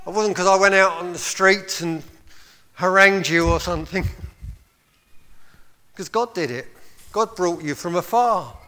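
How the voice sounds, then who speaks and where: A man's voice: high-pitched, slow pace, long pauses, sharp tone. A man preaching a sermon as pastor, with impassioned appeals and short laughs between his points. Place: church hall. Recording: long hall reverb.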